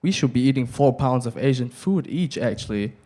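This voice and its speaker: A man's voice: mid-range voice, lively intonation, a little fast, dark tone, natural voice. A young man with a German accent reading the lines of a brash, crude young man.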